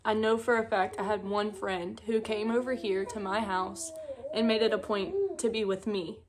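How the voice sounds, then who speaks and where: A woman's voice: mid-range voice, level tone, very noisy. Tearful young mother. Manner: tearful, halting, many "like" fillers. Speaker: mother vlogger. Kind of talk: emotional personal storytelling. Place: at home on a couch.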